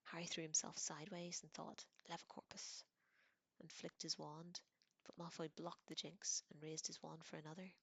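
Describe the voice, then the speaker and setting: A woman reading a novel aloud dramatically, dropping into hushed whispers for tense passages. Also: low voice, level tone, moderate pace, vocal fry, husky, no echo. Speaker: reader.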